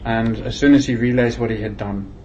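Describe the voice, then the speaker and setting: A man's voice: medium pitch, steady tone, brisk, darkish tone, lo-fi sound, slight background noise. A man answering questions at a meeting, insistent and defensive, repeating himself for stress. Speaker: interviewee at a meeting. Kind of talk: tense back-and-forth questioning.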